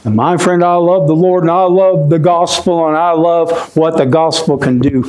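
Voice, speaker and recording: A man preaching a sermon in a folksy way, often saying "my friend" and dropping his voice low and quiet when he is moved. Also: steady tone, normal speed, low-quality recording. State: choked up.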